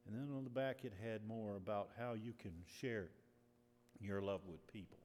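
A man pastor telling a personal story in a sermon, moving from relaxed storytelling to emphatic preaching. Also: on the low side, moderate pace. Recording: echoey hall with faint noise.

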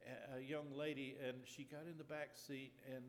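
A man preaching a sermon and telling a personal story in an earnest, deliberate way, with lots of repetition. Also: medium pitch, level tone, a little hiss or hum. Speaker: pastor. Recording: long reverb of a large hall.

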